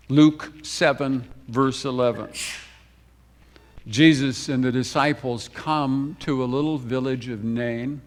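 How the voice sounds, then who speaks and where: Impassioned male preacher, slightly high voice. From United States. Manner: storytelling preacher, swings between brisk emphatic runs and slow hushed phrases; repeats words for emphasis, addresses the congregation directly. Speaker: pastor. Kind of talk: sermon. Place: church sanctuary.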